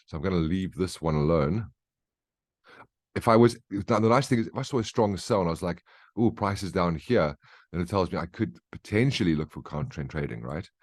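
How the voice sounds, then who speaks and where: A man with a notably low voice talks through his trades as a chatty market briefing. He explains each step in an easygoing, conversational way and keeps checking in with short questions. The recording is dry and close, with almost no room sound. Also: expressive, fairly quick, no room sound. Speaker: trading educator. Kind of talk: market briefing over charts.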